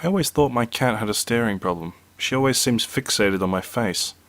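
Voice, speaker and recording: A man reading out short horror stories in a slow, measured narration. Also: mid-range voice, expressive, fairly bright tone, dry recording. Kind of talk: reading scary two-sentence stories.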